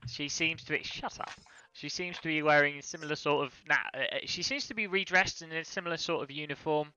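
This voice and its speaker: A man narrating as game master in a tabletop game, pausing often with fillers. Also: a little high, clear, resonant tone, dry recording, highs cut off. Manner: halting, many fillers, relaxed.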